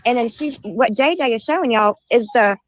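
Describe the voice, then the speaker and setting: A woman's voice: on the high side, expressive, normal speed, low-quality recording. A woman on a livestream, arguing and accusing with swearing. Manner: confrontational, accusing, profane. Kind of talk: heated livestream argument.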